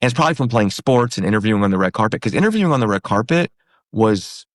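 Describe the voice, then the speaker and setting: Low-voiced man telling a story. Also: fast, no room sound, studio quality. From New York and Pennsylvania. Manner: animated, acts out quoted voices. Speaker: comedian guest. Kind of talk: casual storytelling.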